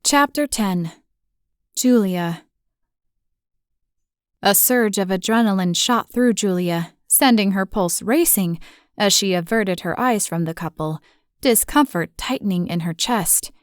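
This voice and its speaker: A woman reads a romantic suspense novel as a human audiobook narrator, in a steady, even storytelling voice. The recording is dry and close, with no room sound at all. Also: medium pitch, measured pace, dry recording.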